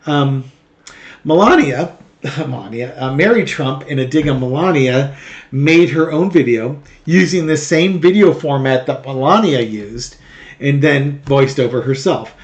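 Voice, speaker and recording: A man's voice: mid-range voice, lively intonation, a little slow. A man hosting a tarot channel, chatting casually with frequent laughs and self-correcting asides. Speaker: tarot reader, host. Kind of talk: casual chat.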